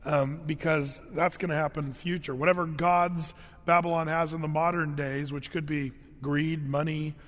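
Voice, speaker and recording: A man's voice: fairly high pitch, little pitch movement, normal speed, a bit bright, long reverb tail. A man preaching a sermon as a pastor, telling stories in a casual, joking, conversational way full of "um" and "you know". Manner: casual, conversational, humorous storytelling; frequent fillers and restarts.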